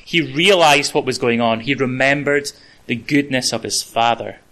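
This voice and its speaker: Guy preaching, bright clear voice, chatty and relaxed delivery. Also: medium pitch, normal speed, rough recording. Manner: conversational preaching, with asides and fillers. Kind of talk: sermon.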